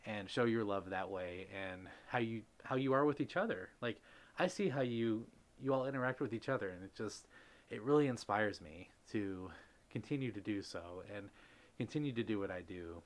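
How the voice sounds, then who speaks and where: A man's voice: fairly low pitch, normal speed. Heartfelt male streamer thanking his viewers. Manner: heartfelt, rambling with many fillers; reads chat messages aloud and greets viewers. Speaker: livestream host. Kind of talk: casual live stream chat.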